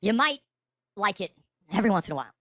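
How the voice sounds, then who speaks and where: He's a middle-aged man sitting at home, livestreaming a bitter, profanity-laced rant about his life into a streaming mic with auto gain. His voice sits high, very animated, and he talks at a quick pace.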